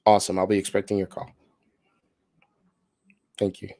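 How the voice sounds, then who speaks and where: Upbeat low-voiced man on sales calls. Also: monotone, moderate pace, warm tone, dry recording. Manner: casual, upbeat, repeats words and restarts. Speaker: sales trainer making live calls. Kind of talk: live phone calls with coaching asides.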